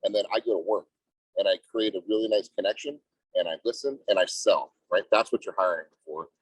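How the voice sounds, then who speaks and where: A man's voice: fairly quick, husky, no room sound. A man, a real estate agent, talking emphatically in a team meeting and often asking "right?". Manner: emphatic, salesy, repeats "right?". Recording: muffled low-fidelity audio.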